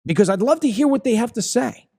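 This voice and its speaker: A man's voice: very high voice, expressive, fast, mellow. A man hosting a political commentary show, ranting heatedly with frequent profanity and stammering when worked up. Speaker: host.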